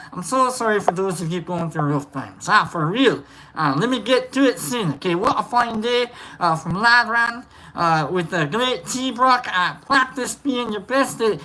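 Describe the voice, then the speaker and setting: A woman hosting a casual livestream, reading out viewer shout-outs in a playful, rambling way and swearing freely. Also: medium pitch, slight background noise, rough recording. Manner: loose and meandering, lots of fillers.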